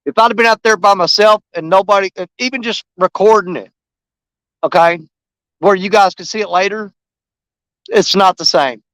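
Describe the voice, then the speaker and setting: A man's voice: high voice, moderate pace, pauses often, a bit bright, no room sound, low-quality recording. A man chatting to live-stream viewers outdoors by a river, folksy and enthusiastic.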